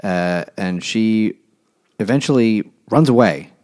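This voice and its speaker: Dry, blunt low-voiced man. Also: slow, a little mellow. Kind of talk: casual book-club chat.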